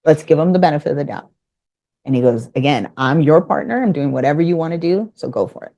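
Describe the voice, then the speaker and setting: Lady low mellow voice, chatty story, plays out who said what. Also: fast, dull audio. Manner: animated, acts out both sides of conversations. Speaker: podcast guest. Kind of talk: casual storytelling.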